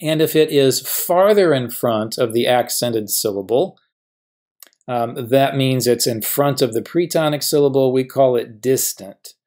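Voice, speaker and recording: A man's voice: medium pitch, darkish tone. Patient man teaching a grammar lecture. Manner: patient, stretches out example words slowly. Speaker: professor teaching biblical Hebrew.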